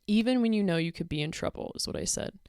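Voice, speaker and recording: A woman's voice: lowish voice, expressive, fast, vocal fry, darkish tone, smooth, dry recording, clean studio sound. A young woman giving casual commentary, reading out messages in an exasperated, sarcastic way. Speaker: commentary creator.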